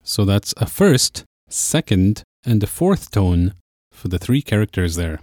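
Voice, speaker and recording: A man's voice: fairly low pitch, very animated, a little slow, darkish tone, no echo. Patient male language teacher, dry sound. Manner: patient, explaining step by step. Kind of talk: podcast language lesson.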